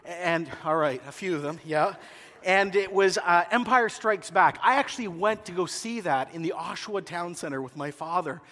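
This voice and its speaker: A fairly high-voiced man preaching from the pulpit, carried by a long hall reverb. He tells stories animatedly and acts out the scenes he describes. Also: normal speed. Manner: animated storytelling, acting out movie scenes. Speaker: pastor. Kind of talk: sermon.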